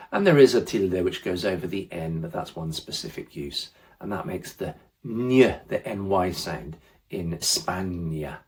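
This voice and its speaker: Low-voiced man teaching Spanish casually. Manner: relaxed, reassuring, encouraging. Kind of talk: casual spoken lesson.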